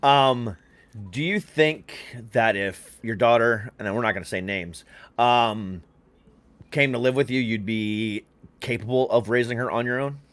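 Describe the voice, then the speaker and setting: A man's voice: mid-range voice, measured pace, fairly bright tone, dry recording. A man hosting a podcast in casual chat, rambling and hedging with you know and um. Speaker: podcast host.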